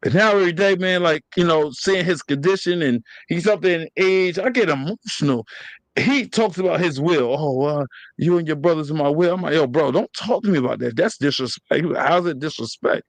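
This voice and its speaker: A man with a high, lively voice pours out his feelings in a candid podcast chat. He swears freely and jumps in over the others. The sound is close and dry. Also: fairly quick, dry recording. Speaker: podcast co-host.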